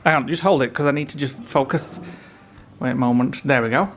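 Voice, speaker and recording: A man co-hosting a home vlog in casual chat, excitable and teasing, quick to laugh. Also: mid-range voice, faint music behind. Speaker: vlogger, co-host.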